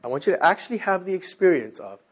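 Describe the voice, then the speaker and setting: A teacher preaches a sermon to a congregation in a husky voice pitched a little higher than most men's. He speaks quickly with lively, animated pitch, swinging from loud exclamations down to near-whispers.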